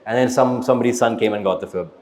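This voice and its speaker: A man's voice: medium pitch, racing, darkish tone, reverberant, in a large hall, poor audio. A man answering audience questions in a blunt, motivational way, tagging lines with "right?" and "man". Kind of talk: casual live Q&A talk. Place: event hall with live audience.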